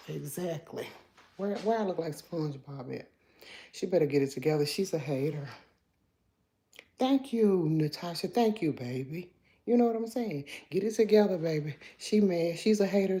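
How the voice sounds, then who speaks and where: A woman hosting a relaxed morning livestream from her home, calling out viewers by name. Her voice sits a little low and sounds mellow and warm. She chats with sass, sometimes dropping to a hushed tone so she won't wake the house. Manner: greets viewers by name, chatty and sassy; talks low at times so as not to wake the house. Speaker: livestream host. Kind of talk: casual morning livestream chat.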